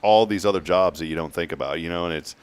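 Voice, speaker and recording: A man's voice: deep voice, fast talker, clean tone. A man hosting a morning talk show, chatting casually and rambling with jokes.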